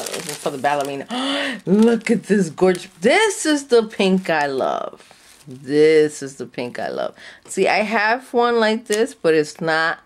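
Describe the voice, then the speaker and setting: A woman with a lowish voice gushes over a craft kit, swinging from slow murmured coos to high delighted squeals. She drawls unhurriedly and sounds a touch sleepy. Faint noise and paper crinkling sit behind her. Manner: effusive, breathy gasps and squeals of delight. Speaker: craft vlogger. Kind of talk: unboxing a craft kit, gushing chat.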